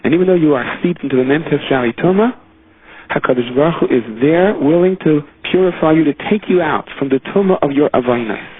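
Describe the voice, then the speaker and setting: A man's voice: a little high, slightly rough. A man giving an earnest, emphatic sermon, weaving Hebrew and Yiddish terms into his teaching. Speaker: rabbi giving a Torah talk. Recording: tinny phone-like line.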